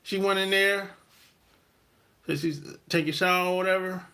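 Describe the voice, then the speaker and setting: A man's voice: high-pitched, steady tone, moderate pace, sharp tone. A middle-aged man hosting a podcast, talking in a casual, rambling monologue full of slang and laughs. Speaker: podcast host.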